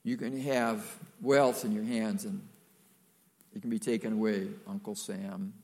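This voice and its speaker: A man's voice: fairly low pitch, level tone, unhurried, gravelly, darkish tone. An older man preaching a sermon, folksy and emphatic, with playful asides to the congregation.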